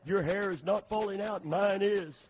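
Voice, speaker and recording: A middle-aged man preaching a sermon, calling for amens and building to loud, fervent emphasis. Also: high-pitched, normal speed, husky. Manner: call-and-response, asking for amens. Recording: dull lo-fi sermon recording.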